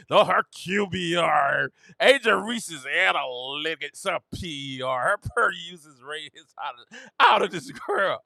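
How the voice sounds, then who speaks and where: A man hosting a sports talk show, chatting casually, laughing often and breaking into high, mocking quotes. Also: expressive, measured pace, gravelly, sharp tone, no room sound, studio quality. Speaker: podcast host. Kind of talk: casual sports commentary monologue.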